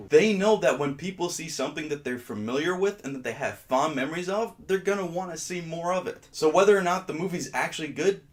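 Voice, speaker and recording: A man hosting his own commentary video, ranting in an exasperated, sarcastic way. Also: a little high. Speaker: host.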